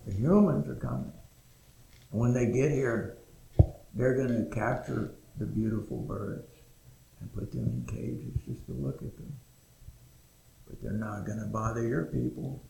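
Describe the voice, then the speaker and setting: A man voicing a kind, wise male Creator spirit who speaks gently and reassuringly, in an echoey room. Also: mid-range voice, measured pace, creaky, pauses often.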